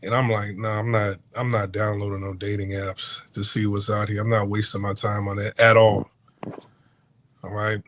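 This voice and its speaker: A man's voice: lowish voice, a little hiss or hum. A man hosting a casual podcast monologue, rambling through a story with frequent restarts and stammers, acting out the lines of the people he quotes. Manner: animated retelling with acted-out quotes. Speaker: podcast host. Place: hotel abroad.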